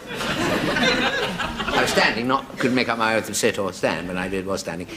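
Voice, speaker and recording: A man, a comedian, spins a rambling anecdote with stumbles and self-mocking asides. His voice rises and falls a lot. The old studio recording carries loud hiss and clicks. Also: on the low side, wildly swooping pitch, normal speed, a loud crowd.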